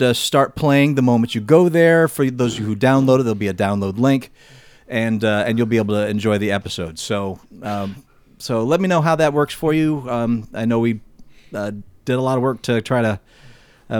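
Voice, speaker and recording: A man hosting a casual podcast, speaking haltingly with fillers and restarts. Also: medium pitch, dry recording. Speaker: podcast host.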